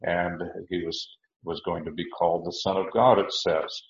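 A man teaching a verse-by-verse sermon, halting with many restarts and slowing to stress key words. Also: deep voice, fairly even intonation, reverberant, muffled recording. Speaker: Bible teacher.

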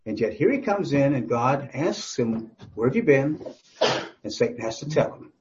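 Pria berkhotbah dengan gaya santai dan bertanya. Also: male voice, medium pitch, lively intonation, normal speed, dull audio, noisy background. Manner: conversational, rhetorical questions, jokes with congregation. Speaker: pastor. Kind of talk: sermon.

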